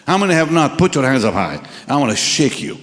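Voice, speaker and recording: A man in his seventies preaching a dramatic sermon testimony to a large congregation. He swings from hushed tones to sudden shouts. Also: mid-range voice, sing-song, fairly quick. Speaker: pastor. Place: large church or crusade hall with congregation. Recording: echoey hall sound.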